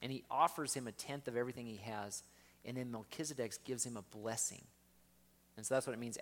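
A man's voice: medium pitch, normal speed. A man preaching a sermon in a conversational way, often asking his listeners questions.

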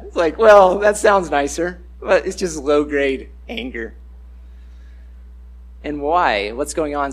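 A man giving a casual, conversational sermon, acting out the voices he quotes. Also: on the high side.

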